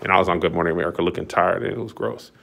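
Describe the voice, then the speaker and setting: Excitable man giving a walking tour. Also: low voice, rapid-fire, vocal fry. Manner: excitable, showman-like announcing. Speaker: studio owner giving a tour. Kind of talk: casual walkthrough tour. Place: large empty commercial building.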